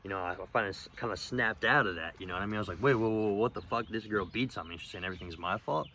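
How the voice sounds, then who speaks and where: A young man telling a personal story in a rambling, profane, halting way, with lots of fillers, outdoors. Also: deep voice, sharp tone, slight background noise. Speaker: vlogger. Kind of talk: casual storytelling monologue.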